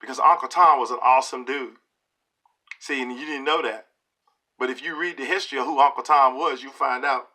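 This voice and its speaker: A middle-aged man talks straight to camera in a vlog, sounding preachy and emphatic and checking in with his listeners. His voice is bright and forceful at an ordinary male pitch. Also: a little fast. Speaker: video blogger. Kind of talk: opinion monologue to camera.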